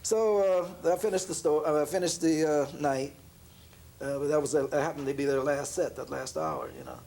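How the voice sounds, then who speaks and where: Gravelly man telling a laughing story. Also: a little high, normal speed. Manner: animated storyteller, laughs often, acts out quoted voices. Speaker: jazz pianist interviewee. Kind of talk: relaxed storytelling interview. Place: room in an apartment.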